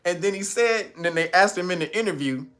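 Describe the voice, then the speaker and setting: A man hosting a podcast, giving profane, comic commentary, laughing often and acting out quotes loudly. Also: high voice, fast. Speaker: podcast host.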